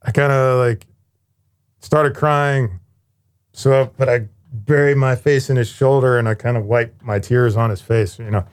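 A man in his forties talks through his past with blunt, lively candor and drops the odd swear word. His voice sits at an ordinary middle pitch. It has the loose feel of a relaxed conversation. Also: a little slow, clear, resonant tone. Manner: candid, animated storytelling with casual swearing. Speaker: interview guest, former firefighter paramedic. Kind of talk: casual storytelling conversation.

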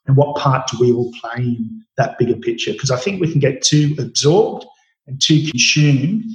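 A middle-aged man, a chef, telling stories in an interview with a relaxed, rambling manner full of fillers and restarts. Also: medium pitch, moderate pace, lo-fi sound. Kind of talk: storytelling interview answers. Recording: roomy echo.

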